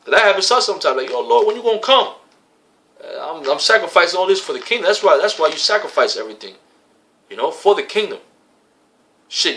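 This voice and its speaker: On the high side, his bright, forceful voice carries casual street-style preaching from a religious camp member. He swears freely, quotes scripture in slang, and hammers points home with repeated phrases.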